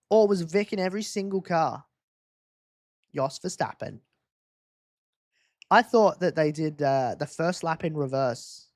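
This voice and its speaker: A man's voice: fairly high pitch, a little mellow, no room sound, studio quality. A man hosting a live race-watch quiz stream, teasing viewers in casual chat.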